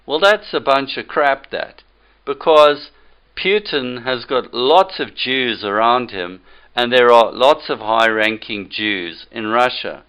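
Slow, forceful man. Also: medium pitch, clear, resonant tone, lo-fi sound. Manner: emphatic, lecturing, repetitive. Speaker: political commentator. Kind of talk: opinionated monologue.

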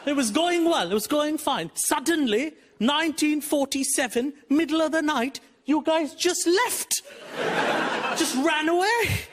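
A man's voice: extremely high pitch, expressive, a little slow. A male stand-up comedian from India with an Indian accent, talking wryly and conversationally on stage. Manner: wry and conversational. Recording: loud background noise.

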